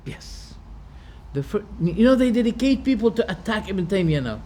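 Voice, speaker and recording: There's a little hiss or hum behind this high-pitched, sing-song male voice with a dark tone, speaking at normal speed. A religious teacher, he lectures his class by putting each term into plain words and throwing out rhetorical questions.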